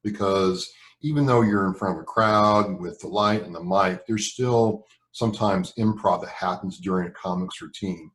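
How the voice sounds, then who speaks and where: A man's voice: low-pitched, normal speed, fairly bright tone. A man hosting an interview show, asking long questions and reacting with short exclamations. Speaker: podcast host. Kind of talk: casual interview.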